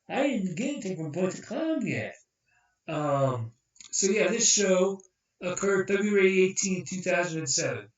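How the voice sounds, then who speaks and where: Young guy rambling through a story on a podcast, kinda high voice, echoey and far off, muffled. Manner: rambling, animated, acts out quotes. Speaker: podcast host. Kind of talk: casual storytelling chat. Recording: roomy, distant, dull sound.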